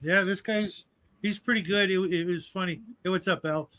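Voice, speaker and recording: Male host, slightly high voice, rambling amused storyteller on a home call. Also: steady tone, normal speed, crowd noise. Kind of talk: casual online chat.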